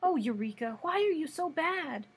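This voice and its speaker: A woman's voice: sits high, lively intonation, normal speed, voice pushed up. Earnest young heroine, anxious and pleading, voiced by a woman. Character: earnest little girl, anxious. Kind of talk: storybook read-aloud.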